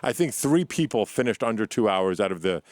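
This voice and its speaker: Man, fast talker, rambling stories, casual swearing, dry close mic. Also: on the low side, expressive, a little mellow, no echo. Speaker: guest. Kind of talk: casual chat.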